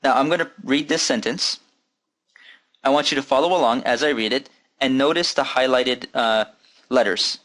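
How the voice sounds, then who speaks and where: A man's voice: medium pitch, normal speed, fairly bright tone. A man teaching an Arabic reading lesson, patiently repeating letter sounds and asking students to follow along. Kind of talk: recorded language lesson.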